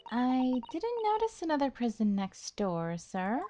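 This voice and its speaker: A woman voicing a polite, soft-spoken young male law student. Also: high-pitched, wildly swooping pitch, measured pace, a little hiss or hum, voice pushed up, full character voice.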